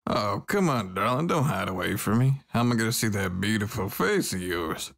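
A man's voice: lowish voice, big pitch swings, creaky, fairly bright tone, no room sound, clean studio sound. A man with a Southern drawl, flirting in a teasing way in game voice chat and calling people sugar and darling. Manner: teasing, drawn-out sweet-talk with pet names. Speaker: game streamer playing a flirty cowboy.

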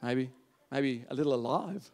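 A man preaching a sermon, telling a story in an animated way, acting out voices and often asking the audience "yeah?". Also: mid-range voice, normal speed.

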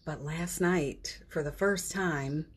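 A woman's voice: low voice, takes it slowly, husky. A woman hosting a daily live stream from her phone at home, chatting casually about spiritual matters, laughing often and trailing off mid-sentence.

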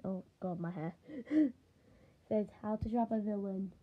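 A woman's voice: medium pitch, steady tone, moderate pace, slightly rough. A young woman with an English accent, chatting casually and exclaiming in a giggly, mock-dramatic way. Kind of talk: casual vlog. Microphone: phone. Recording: tinny phone-like lo-fi.

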